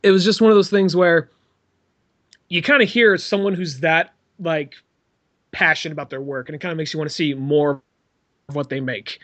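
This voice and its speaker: A man's voice: fairly high pitch, fairly even intonation, moderate pace, long pauses, a bit bright. A man co-hosting a podcast, talking casually in a loose, rambling way with swearing. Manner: rambling, swears, puts on silly voices. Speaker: podcast host. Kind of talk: casual chat.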